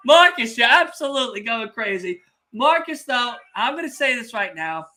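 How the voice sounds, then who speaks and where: A young man hosting a casual wrestling podcast watch-along, telling stories excitably, swearing freely and teasing the chat. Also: very high-pitched, moderate pace. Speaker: podcast host.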